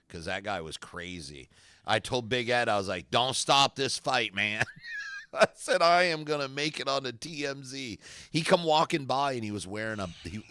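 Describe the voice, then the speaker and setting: Deep, bright-voiced rowdy male co-host. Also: no echo. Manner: loud, rowdy, joking storyteller. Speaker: podcast co-host. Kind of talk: casual banter and storytelling.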